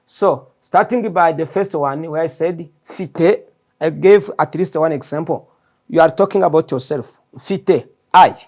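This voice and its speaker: A man teaching his native Kinyarwanda in a slow, patient classroom lesson, repeating each word for learners to copy, with a Rwandan accent. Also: on the high side, a little mellow. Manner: repeats words slowly for learners. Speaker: language teacher.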